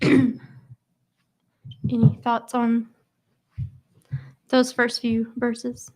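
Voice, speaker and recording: A woman reading scripture aloud, then leading a casual church Bible study slowly with many pauses and fillers. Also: a little high, completely flat delivery. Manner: slow, halting, with many fillers.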